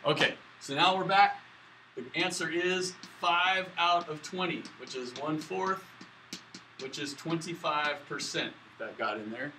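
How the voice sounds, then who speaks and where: A man's voice: on the high side, a little slow, bright, forceful tone, slight background noise, poor audio. A man lecturing a statistics class at a whiteboard, in a casual, chatty way with jokey asides. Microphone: camera in the room, moving away to the board.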